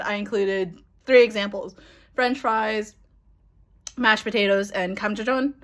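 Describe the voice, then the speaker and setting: Young woman vlogger, excited and rambling, casual storytelling with fillers. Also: mid-range voice. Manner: gushing, laughs and swears, rambling with fillers.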